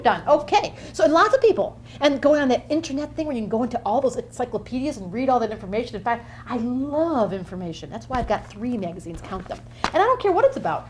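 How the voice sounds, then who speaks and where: A woman's voice: a little high, slight background noise. Woman acting as a chatty, flighty Gemini woman. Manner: bubbly, quirky, jumps between topics. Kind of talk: comic character monologue.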